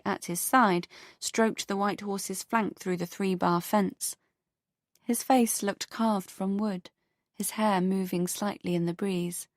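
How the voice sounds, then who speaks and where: A woman narrating an audiobook in an expressive, measured storytelling manner on a close studio microphone. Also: lowish voice, dry recording.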